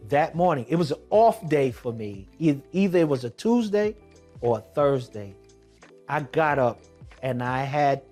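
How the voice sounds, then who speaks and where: Slow, emphatic man giving a testimony. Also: medium pitch, a little mellow. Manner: emphatic, conversational storytelling with slang asides. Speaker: kidney transplant recipient sharing his story. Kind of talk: personal testimony.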